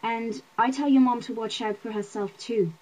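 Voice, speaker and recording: A woman reading the part of a stiff, reserved young man who speaks quietly and measuredly. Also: on the high side, fairly even intonation, normal speed, lightly acted, poor audio.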